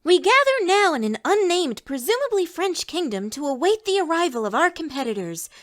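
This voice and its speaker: A woman's voice: very high-pitched, very animated, fairly quick, a bit bright, exaggerated voice. A woman voicing a chipper adult female cartoon duck who co-hosts as an announcer, in a fan audio drama. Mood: announcing. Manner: bubbly showbiz announcing. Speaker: co-host announcer.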